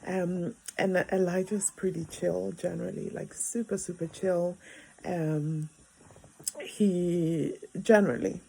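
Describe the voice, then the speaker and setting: A woman's voice: on the low side, steady tone, slow, gravelly, warm tone, a little hiss or hum, low-quality recording. A woman in her thirties, a mother telling a family story in a casual, rambling way with many fillers, recorded in a bedroom. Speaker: vlogger, mother.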